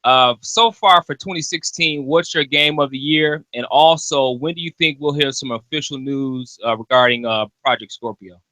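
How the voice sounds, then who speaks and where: A man's voice: mid-range voice, normal speed, few pauses, bright, forceful tone, dry recording, rough recording. A man from Detroit calling in to a gaming show with brief, direct questions. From Detroit, Michigan. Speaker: caller. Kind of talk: casual call-in question.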